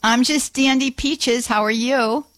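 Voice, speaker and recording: A woman's voice: sits high, a little slow, a bit bright, no echo. A woman hosting a Catholic call-in radio show, with folksy, gushing exclamations. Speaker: radio host.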